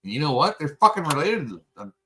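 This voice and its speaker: A man hosting a late-night casual chat, rambling and swearing freely, with an animated, profane delivery. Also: on the high side, fast talker, a little hiss or hum, poor audio. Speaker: podcast host.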